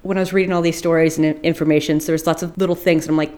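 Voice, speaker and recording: A woman's voice: low-pitched, little pitch movement, very fast, warm tone. A woman co-hosting a podcast, telling a spooky story in a rambling, casual way, swearing and laughing at her own slips. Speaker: podcast co-host.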